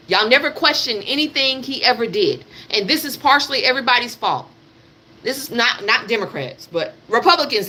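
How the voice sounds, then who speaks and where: Brief: woman livestream host, high and bright, blunt and emphatic political rant, repeats herself, swears, speaks straight to viewers. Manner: addresses her audience directly. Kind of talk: live political commentary rant.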